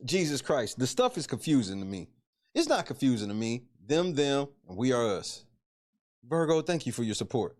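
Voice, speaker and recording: A man's voice: medium pitch, very animated, moderate pace, a little mellow. A man hosting a livestream, giving mocking, repetitive commentary with laughs between lines. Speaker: show host.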